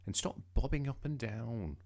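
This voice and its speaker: A man voicing a strict, fussy mother in a storybook, brisk and scolding. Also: medium pitch, expressive, vocal fry, darkish tone, voice pushed up. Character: fussy, strict mother coaching her son.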